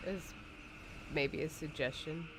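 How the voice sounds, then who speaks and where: Slow-talking giggly woman podcast host. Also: low-pitched, steady tone, noisy background. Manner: giggly, chatty, lots of fillers. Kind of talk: casual chat while gaming on a livestream.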